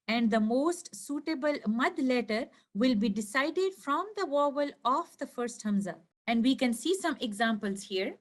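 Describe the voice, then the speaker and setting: A woman teaching a recorded lesson over slides, explaining slowly and clearly and stretching out each example word. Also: sits high. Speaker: tajweed teacher.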